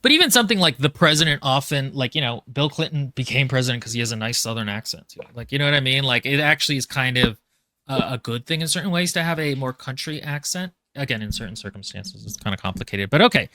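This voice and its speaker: A man's voice: mid-range voice, expressive, fast, bright, forceful tone, no room sound. A man hosting a casual livestream chat, rambling and reading comments as he goes. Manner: rambling, reads comments aloud mid-talk. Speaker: podcast host.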